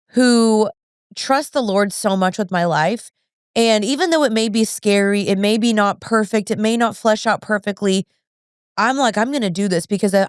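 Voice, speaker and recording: A woman's voice: a little high, smooth, no echo, clean studio sound. A woman in her thirties hosting a podcast, talking in an earnest, chatty way with lots of fillers. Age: 30s. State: pregnant. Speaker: podcast host. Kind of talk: casual chat.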